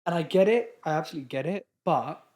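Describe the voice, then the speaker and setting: A man hosting a podcast, chatting casually and reasoning through his views in a relaxed way. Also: a little high, fast talker. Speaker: podcast host. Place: podcast studio booth.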